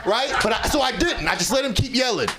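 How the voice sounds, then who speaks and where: A man doing open mic stand-up, telling a profane story and shouting when he acts out angry parents. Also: very high voice, animated, quick pace, music in the background. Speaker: stand-up comic. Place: comedy club stage. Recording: noisy club crowd. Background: audience reactions.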